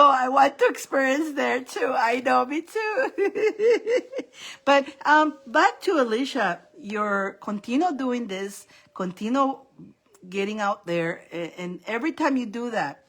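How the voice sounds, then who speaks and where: A woman's voice: a little high, a bit bright. A middle-aged woman hosting a casual live stream of psychic readings, rambling and laughing often. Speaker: psychic reader and live host.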